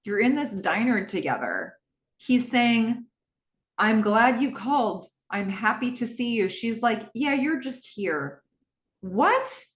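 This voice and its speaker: A woman's voice: on the high side, expressive, slow pace, reverberant. A woman hosting a podcast, recapping a TV episode in casual talk, chatty with exasperated asides and lots of fillers. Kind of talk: casual solo recap, reading out scenes.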